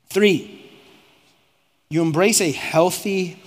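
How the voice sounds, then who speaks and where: A male pastor preaching a sermon, moving from calm teaching to fervent exhortation and voicing imagined conversations. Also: on the high side, takes it slowly. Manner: preaching with rising intensity, acts out quoted speech. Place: church auditorium. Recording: long reverb of a large hall.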